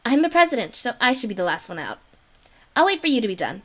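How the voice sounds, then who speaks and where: Lady doing a chill teen club president girl, even and matter-of-fact, higher voice. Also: quick pace. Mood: calm. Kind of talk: reading visual novel dialogue aloud.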